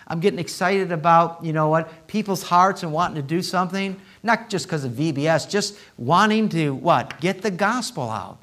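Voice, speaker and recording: A male pastor preaching a sermon in a church, swinging from hushed asides to loud, impassioned appeals. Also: high-pitched. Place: church sanctuary.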